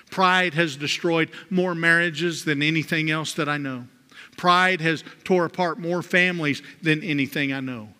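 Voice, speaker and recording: A man preaching a sermon, swinging from loud, rising emphasis to soft, low drops. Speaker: pastor. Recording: long hall reverb.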